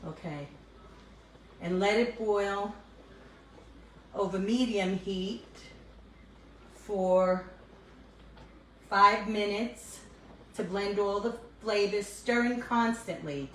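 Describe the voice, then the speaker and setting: An older woman with a New York accent talks slowly and easily while she cooks at home, laughing now and then. Her voice is picked up by a phone in an echoey kitchen, with faint noise behind. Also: medium pitch. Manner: chatty, laughs often, talks while cooking. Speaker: cooking livestream host. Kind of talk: casual cooking chat.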